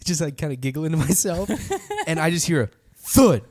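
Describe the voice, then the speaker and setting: A man's voice: on the high side, normal speed, a little hiss or hum. A man telling a story in casual conversation, laughing often and acting out the voices of the people in it. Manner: animated, laughs often, acts out voices in his stories.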